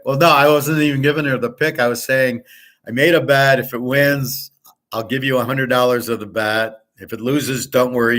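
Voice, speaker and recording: A man from Michigan riffs on his own in a casual monologue. His voice sits at an ordinary middle pitch. He rambles bluntly and swears freely. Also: a bit bright. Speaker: host.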